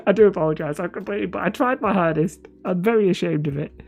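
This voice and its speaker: A woman's voice: mid-range voice, animated, moderate pace, gravelly, a little mellow, breathy edge, faint music behind. A woman with a northern English accent hosting a live stream, chatting casually with viewers in a rambling, self-deprecating way. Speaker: livestream host.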